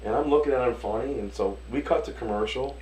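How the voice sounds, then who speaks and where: A man from Detroit, a restaurant owner and chef, telling animated stories in a casual interview, acting out the voices of the people in them and swearing casually. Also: mid-range voice, quick pace, slight background noise, low-quality recording. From Detroit, USA.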